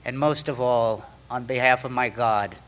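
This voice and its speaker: A middle-aged man with a mid-range voice speaks at a moderate pace, recounting a story from his recovery to a meeting. He's an animated storyteller who acts out the voices of the people he quotes.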